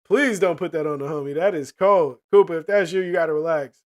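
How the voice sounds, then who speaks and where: A man's voice: on the high side, a little fast. A man streaming to his chat in casual, profane slang, often checking in with "you know what I mean".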